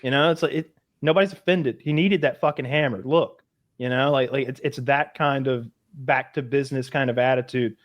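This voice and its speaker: A man's voice: mid-range voice, steady tone, brisk. Male podcast host, mid-range voice, rambling casual delivery. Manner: rambling, lots of false starts. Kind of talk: casual chat.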